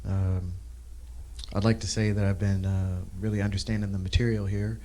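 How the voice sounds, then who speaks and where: A man's voice: lowish voice, little pitch movement, moderate pace, warm tone. A man taking part in a leadership workshop role-play, speaking hesitantly with many filler sounds. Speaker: workshop participant.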